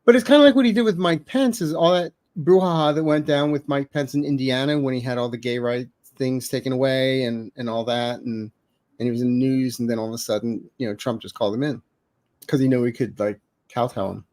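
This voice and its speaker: A man hosts a loose, joking political chat. His talk rambles and stays animated. The sound is dry and close, with no room around it. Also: medium pitch, fairly quick, no echo. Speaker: channel host.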